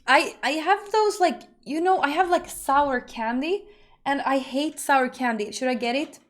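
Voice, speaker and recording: A woman streamer chatting casually and rambling to her viewers, now and then breaking into loud laughing rants. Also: high-pitched, unhurried.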